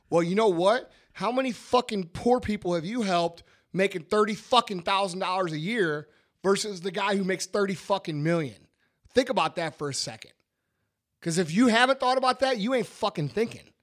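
A man's voice: high voice, normal speed. A man, talking bluntly and emphatically on a podcast and swearing a lot. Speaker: podcast host, business owner. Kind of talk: casual podcast chat.

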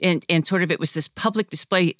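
A man with a fairly high voice reminisces softly, with laughter running through his words. The recording is dry and close. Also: a little fast, dry recording. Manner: reflective, soft-spoken, often laughs while talking. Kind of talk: casual chat.

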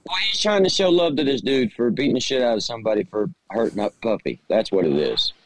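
A man's voice: medium pitch, lively intonation, fast talker, dry recording, rough recording. Blunt, stammering man on a podcast. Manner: blunt, profane, heated opinions with stammered restarts. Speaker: podcast co-host. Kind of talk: casual podcast chat.

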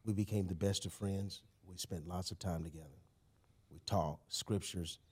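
Low and husky, this man's voice moves at a moderate pace. He's a podcast guest telling a personal story casually, lively and emphatic, with frequent use of "you know" and "man."

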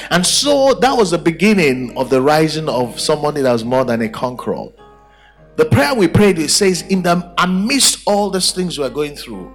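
A man's voice: a little high, a bit bright. A man preaching a sermon at a church service, emphatic and full of rhetorical questions. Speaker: pastor.

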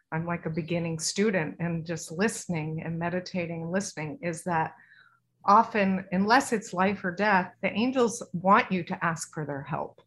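A woman's voice: lowish voice, steady tone, normal speed. A woman guest on a podcast, chatting casually in an earnest, rambling way about spiritual matters. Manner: rambling, earnest, soft-spoken spiritual talk. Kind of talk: casual interview chat.

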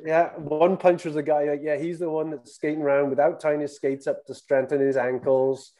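A man's voice: on the high side, level tone, mellow. Easygoing, rambling male host. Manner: easygoing, rambling, halting restarts. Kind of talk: casual chat.

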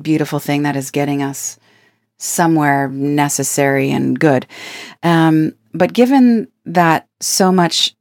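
Woman speaker with a low voice, earnest, playful self-help talk, dry close sound. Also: dry recording. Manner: earnest, playful, laughs between points. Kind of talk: reflective spoken talk.

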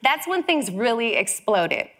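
A woman from Chicago giving a storytelling talk, lively and acting out the voices she quotes. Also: a little high, unhurried. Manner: animated, acts out quoted voices.

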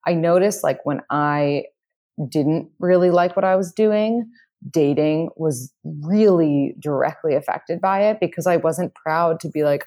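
A woman's voice: low voice, unhurried, a little mellow. A woman guest giving dating advice in casual conversation, outgoing and confident, with frequent fillers.

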